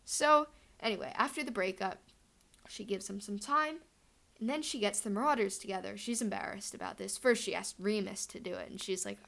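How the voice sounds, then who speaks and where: A woman's voice: medium pitch, a little fast, gravelly, a bit bright. A young woman telling a fan headcanon story in a chatty, rambling way, full of fillers.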